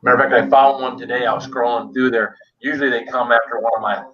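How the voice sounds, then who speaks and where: A chatty man hosts a live stream from his basement, greeting viewers by name as they drop in. His voice sits at an ordinary middle pitch, and the stream audio sounds slightly muffled and lo-fi. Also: fairly even intonation, fast, a bit bright. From United States. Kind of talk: casual chat on a live stream.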